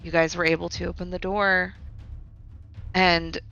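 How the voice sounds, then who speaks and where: A woman running a tabletop game as dungeon master, chatting and recapping with quick self-deprecating asides. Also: fairly low pitch, level tone, bright, forceful tone. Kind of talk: casual game-master chat and narration. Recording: dull lo-fi audio with faint music.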